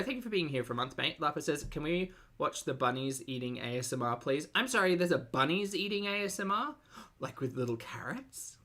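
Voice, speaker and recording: A man talks through a live stream in a loose, blunt way, with plenty of fillers and the odd swear word. His voice is bright and forward, sitting at an ordinary middle pitch. He breaks off now and then to greet viewers and read out their questions. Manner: blunt, swearing, filler-heavy, reads viewer chat aloud. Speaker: commentary streamer. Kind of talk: casual live-stream commentary.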